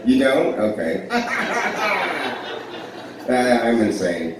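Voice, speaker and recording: A man in his forties works a blues club crowd with rambling, self-deprecating stand-up stories and riffs. His mid-range voice swoops wildly in pitch and he draws out his words, recorded from far off in an echoey club with a noisy background.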